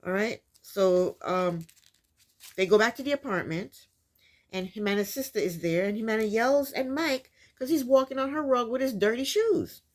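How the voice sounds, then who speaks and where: Animated woman recapping with disbelief. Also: fairly high pitch, moderate pace. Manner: incredulous, repeats points for emphasis. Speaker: reality TV recap host. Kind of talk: casual recap commentary.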